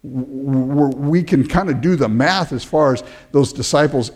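A man preaching a sermon as pastor, animated, often restarting words and acting out the people he quotes. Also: mid-range voice, unhurried, soft background music.

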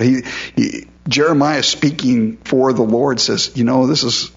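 A man's voice: mid-range voice, steady tone, measured pace, gravelly, highs cut off. A male pastor preaching a sermon in a conversational way, often repeating words as he stresses a point.

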